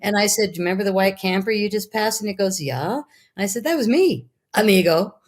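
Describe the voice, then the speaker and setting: A middle-aged woman, a guest, telling a personal story in a lively, animated way and acting out her own quotes. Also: medium pitch, quick pace. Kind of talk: casual storytelling.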